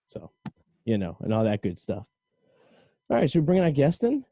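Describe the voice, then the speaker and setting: A man with a Boston accent hosting a podcast, joking and rambling in quick banter. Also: medium pitch, huge pitch swings, dark tone, no echo. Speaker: podcast host. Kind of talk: casual chat.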